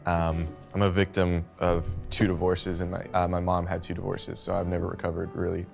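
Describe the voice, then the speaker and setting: A young man on a dating show, joking in a deadpan, teasing way. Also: deep voice, fairly quick, creaky. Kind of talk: joking dating-game chat. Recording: background music under voice.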